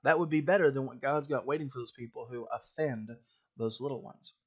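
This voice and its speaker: Man, preacher, sermon, conversational, filler words, middle pitch, muffled lo-fi sound. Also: a little fast, husky.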